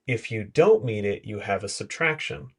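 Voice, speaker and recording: Guy on a podcast, lowish voice, explains stuff with examples, pretty blunt. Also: animated, normal speed, breathy edge. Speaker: podcast guest. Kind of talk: conversational podcast discussion.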